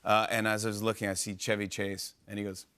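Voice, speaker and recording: A man in his forties hosting a talk show, telling an excited, rambling story full of fillers and quick impressions. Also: fairly low pitch, very noisy. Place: television studio.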